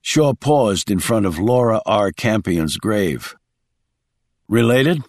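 A man narrating an audiobook thriller as scripted, expressive storytelling. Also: on the low side, slow, dry recording, studio quality.

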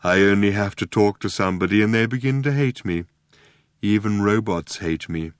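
A man's voice: lowish voice, smooth, no room sound, studio quality, lightly acted. A man doing a droning depressed robot. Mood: dejected. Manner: slow, dejected drone. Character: gloomy depressed male robot, slow droning monotone.

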